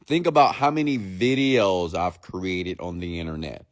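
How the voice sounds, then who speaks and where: A man coaching his live-stream audience, speaking slowly and deliberately and often checking in with them. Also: deep voice. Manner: slow, deliberate speech with long pauses, often checking in with the audience; mimics fast rambling talk to show the contrast.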